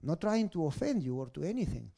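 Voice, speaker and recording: A man preaching a sermon, telling a story with rhetorical questions to the congregation and swinging between hushed lines and loud bursts. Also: fairly high pitch, very animated, quick pace, creaky, husky. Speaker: pastor.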